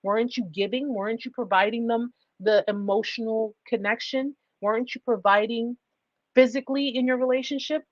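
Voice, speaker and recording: A woman's voice: on the high side, fairly even intonation, moderate pace, dry recording, lo-fi sound. A woman hosting a livestream advice talk, speaking emphatically and driving points home with repeated rhetorical questions. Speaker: livestream host.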